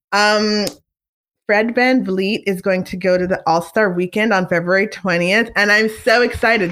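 A woman hosting a casual talk show, her voice at a middle pitch. She talks in an animated, opinionated way, with plenty of fillers and asides. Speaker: podcast host. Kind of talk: casual chat.

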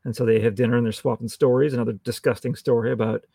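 A man with a gravelly, creaky voice at an ordinary pitch, co-hosting a casual podcast chat about a TV episode. He is chatty, laughs often and slips into quoted lines from scenes. The sound is dry and close, with no room around it. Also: flat delivery, rapid-fire, warm tone, dry recording. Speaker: podcast co-host.

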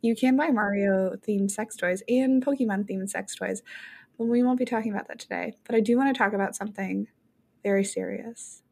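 A woman co-hosting a podcast in casual chat, animated and joking, with frequent swearing. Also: medium pitch, fairly quick, gravelly, breathy edge. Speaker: podcast co-host.

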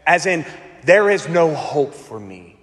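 A man's voice: on the high side, big pitch swings, a bit bright. Preaching man in a reverberant hall. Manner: dramatic pauses, repeats words for emphasis. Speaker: pastor. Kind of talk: sermon.

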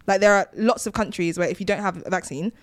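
A woman's voice: medium pitch, quick pace. A woman with a Nigerian accent, co-hosting a casual chat and talking emphatically, with firm opinions.

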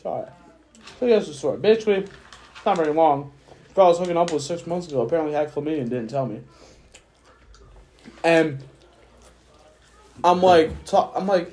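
A man's voice: a little high, brisk, pauses often, darkish tone. A drunk young man rambling through a profane story on a casual podcast. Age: young adult. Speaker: podcast host. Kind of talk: casual chat.

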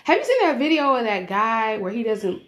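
A woman's voice: a little high, big pitch swings, brisk, fairly bright tone. Podcast cohost lady, teasing and playful, laughs a lot, just chatting. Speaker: podcast co-host. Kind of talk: casual chat.

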